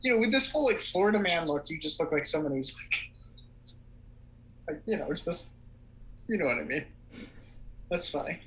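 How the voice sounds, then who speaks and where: A young man co-hosting a casual livestream chat, animated and rambling with lots of fillers. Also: a little high, normal speed, pauses often, poor audio. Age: young adult. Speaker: podcast co-host.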